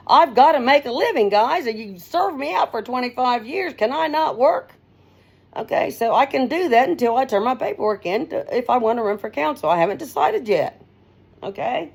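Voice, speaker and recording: Her voice is gravelly and on the high side. This middle-aged host rambles through an unscripted, casual monologue, outspoken and blunt, addressing listeners as "man" and "honey" while using her own device's mic, no headset.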